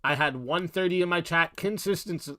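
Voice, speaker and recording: A man's voice: on the high side, normal speed, sharp tone, dry recording, clean studio sound. Cursing young man ranting on a livestream. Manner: heated, cursing, blunt. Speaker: livestream host. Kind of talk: profane livestream rant.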